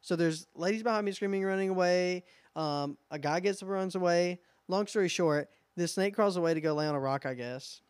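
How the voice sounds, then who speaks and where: A man's voice: sits high, a little fast, hardly any pauses, clean tone, dry recording, studio quality. A young man co-hosting a podcast, telling stories in casual chat and acting out what people said. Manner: lively storyteller, acts out quotes. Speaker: podcast co-host.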